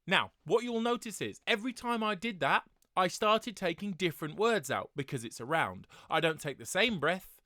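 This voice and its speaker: A man directing a choir, explaining breathing in a relaxed tutorial with many fillers. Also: high-pitched, moderate pace, no room sound, studio quality.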